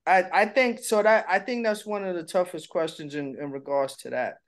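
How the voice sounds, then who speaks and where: A man's voice: high-pitched, moderate pace. Candid middle-aged man telling stories. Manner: candid storytelling, playful voice impressions. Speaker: co-host. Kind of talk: casual chat.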